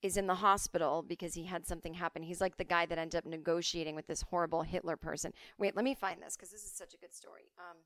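A woman hosts a casual podcast from her home. Her voice is crisp and smooth, and the recording is close and dry. She tells stories with lively energy and often drops into quoted voices. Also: on the low side, fast, hardly any pauses, no room sound. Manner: animated storytelling, jumping between quoted voices. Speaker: podcast host. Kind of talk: casual monologue.

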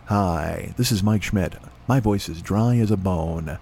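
A man putting on a slow, deep mock voice of a commercial announcer. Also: gravelly, warm tone, slightly rough, full character voice. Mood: smooth pitch. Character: smooth adult male commercial announcer.

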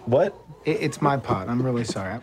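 A man's voice: medium pitch, expressive, a little fast, natural voice. A man playing a flustered guy caught smoking pot.

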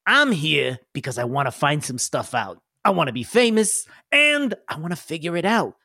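A man's voice: a little high, sing-song, normal speed, pushed and bright, dry recording, clean studio sound, heavily acted. A man voicing an eager, restless male alien mechanic with a tail in a tabletop role-playing game, rambling in drawling slang.

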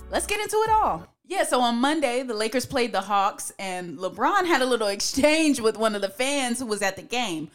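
A woman co-hosting a podcast in casual chat, opinionated and quick to laugh. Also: a little high, very animated, soft background music. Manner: chatty and opinionated, laughs often. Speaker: podcast co-host.

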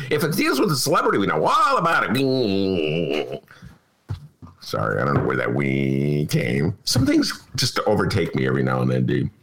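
His pitch is extremely low and gravelly, a bit bright, with huge swings as he moves at a moderate pace. The man is hosting a talk show in his home apartment, delivering a comic casual monologue with mock outrage and theatrical flair that dissolves into laughter at his own jokes.

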